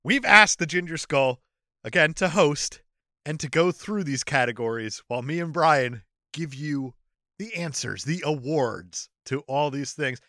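A man's voice: a little high, measured pace, no room sound, studio quality. A man hosting a podcast, chatting casually and joking crudely. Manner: joking, profane, lively. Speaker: podcast host. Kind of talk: casual chat.

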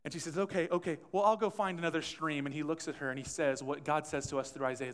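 A man's voice: a little high, fairly even intonation, fast, hardly any pauses, clean tone. A man preaching a conversational sermon as pastor, acting out quotes and asking the room questions. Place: church sanctuary. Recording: long church hall reverb.

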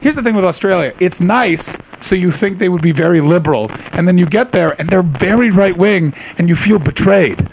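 A man's voice: high voice, moderate pace, creaky, few pauses, a little hiss or hum, low-quality recording. A man doing a stand-up set before a live audience, telling profane rambling stories and teasing the crowd. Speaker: stand-up comedian.

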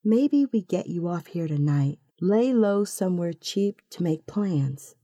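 A woman voicing an excitable young female friend who talks loudly and eagerly in a storybook tale. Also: on the low side, measured pace, no echo, clean studio sound. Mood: cheerful. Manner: excited, breaks into loud exclamations and whispers.

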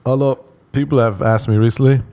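A man's voice: medium pitch, fairly even intonation, fairly quick, dark tone. A man doing a rambling, self-mocking comic monologue with a foreign accent. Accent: non-American. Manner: rambling, self-mocking, playful voices for quoted people. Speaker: comedian.

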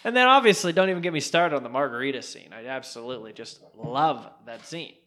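A young adult man co-hosting a casual podcast chat, animated and jokey, with rambling asides. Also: medium pitch, brisk. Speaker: podcast co-host.

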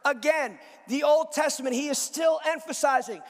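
High-voiced preacher man in a reverberant hall. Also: normal speed. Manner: preaching, swelling to shouts on key phrases. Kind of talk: sermon.

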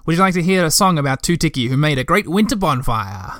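Man reading as calm wise Tutiki, stern storybook woman, dry close voice. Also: a little high, fast talker, no room sound, voice pushed up. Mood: easygoing. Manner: sings a chanted bonfire song.

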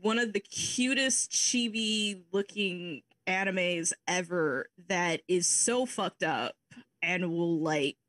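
A woman's voice: lowish voice, slow pace, fairly bright tone, dry recording. A woman co-hosting a casual podcast, rambling and swearing casually as she recommends shows. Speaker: podcast co-host.

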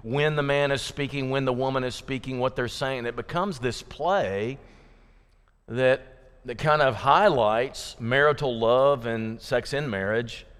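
A man with a mid-range voice delivers a sermon to his congregation in a relaxed, folksy way, and he slips in jokes as he goes. The sound has the long, ringing reverb of a church sanctuary. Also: mid-range voice, unhurried, clear, resonant tone. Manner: folksy, joking, conversational. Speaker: preacher.

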